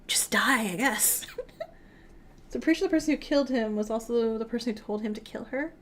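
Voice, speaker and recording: A woman's voice: on the high side, fast talker, slight background noise. Giggly woman streamer reacting. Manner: giggly, animated, jokey. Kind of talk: livestream watchalong reactions.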